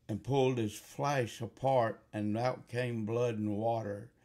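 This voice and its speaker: A gravelly-voiced man delivers a fiery revival sermon. He speaks slowly and deliberately, then rises to loud, impassioned appeals. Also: mid-range voice. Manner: slow, building to shouted fervor. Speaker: preacher.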